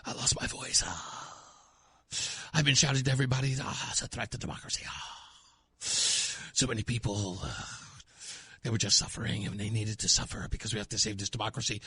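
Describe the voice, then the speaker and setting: A man doing a mocking impression of a tired, self-pitying male senator, breathy and sighing. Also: on the low side, fairly quick, pushed and bright, voice pushed down, heavily acted. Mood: mock-weary. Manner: breathy, sighing, mock-exhausted. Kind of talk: mocking impression on talk radio.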